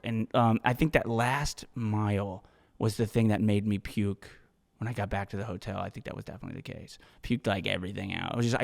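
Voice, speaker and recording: A man hosting a solo podcast, telling a story in casual, profane, animated monologue. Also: medium pitch, big-room sound. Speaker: podcast host.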